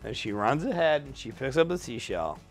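A man's voice: medium pitch, big pitch swings, moderate pace, faint music behind. A drunk man in his thirties telling a rambling story, losing his thread and correcting himself as he goes.

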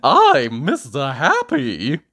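A storybook reader voicing Mr Happy, a cheerful round little man who talks in a bright, bouncy way. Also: mid-range voice, wildly swooping pitch, drawn-out words, no room sound, clean studio sound, pitched above the performer's own voice, heavily acted. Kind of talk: storybook read-aloud.

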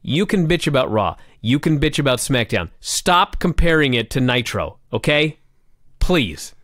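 A man co-hosting a casual chat, animated and swearing, laughing often as he recaps events. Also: mid-range voice, measured pace, no echo, studio quality. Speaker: podcast co-host.

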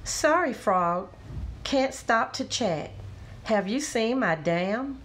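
A woman's voice: on the high side, takes it slowly. A woman voicing an eager, boastful young male beaver in a read-aloud storybook. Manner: proud and excitable.

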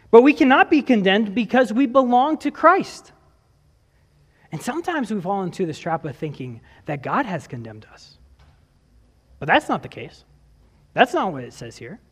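Man preaching in a reverberant church. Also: high-pitched. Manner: preaches with rhetorical questions and scripture readings. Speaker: pastor. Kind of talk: sermon. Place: church sanctuary.

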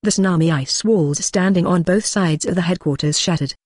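Flat text-to-speech audiobook narrator. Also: mid-range voice, a little fast, dry recording, studio quality. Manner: reads punctuation aloud, flat synthetic delivery. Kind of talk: machine-read novel narration.

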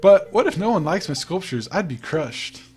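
Thoughtful young artist woman from a cozy farming game, soft and earnest, higher-pitched, read out by a man. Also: sing-song, normal speed, faint music behind.

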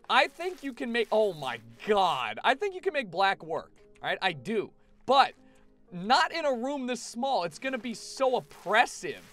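A man's voice: sits high, fairly bright tone. A young man giving casual, chatty gameplay commentary to his live chat, swearing freely. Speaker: streamer.

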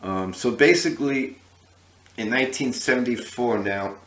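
A man's voice: medium pitch, moderate pace, fairly bright tone, reverberant. A man hosting a history channel, telling a story casually to the camera with many fillers and restarts.

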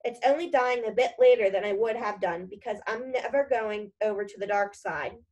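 A woman's voice: medium pitch, moderate pace, a little mellow, close to an everyday voice, rough recording. A woman reading aloud as a determined young boy, urgent and earnest. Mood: defiant.

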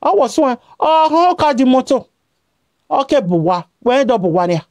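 Nigerian-accented woman vlogger, very high pitched, scolding rant, dry close sound. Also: sing-song, moderate pace, darkish tone, no room sound. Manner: lecturing and repetitive, switching between Pidgin and a local language. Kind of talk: scolding direct-to-camera rant.

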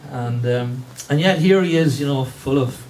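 A man's voice: mid-range voice, moderate pace, darkish tone. A man giving a history lecture, hesitant, with many fillers and restarts. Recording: distant mic with faint room noise.

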